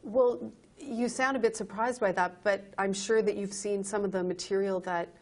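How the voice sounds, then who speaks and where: A woman's voice: medium pitch, fairly even intonation, moderate pace, natural voice. A woman playing a clinic counselor in a training video, insistently lecturing a patient about his health. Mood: pressing.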